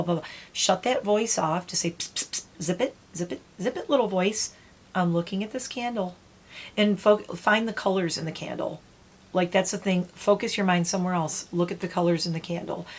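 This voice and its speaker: A middle-aged woman vlogger talking casually and gently to camera, soothing and meditative. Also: fairly low pitch. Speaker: beauty vlogger. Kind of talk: casual heartfelt talk to camera.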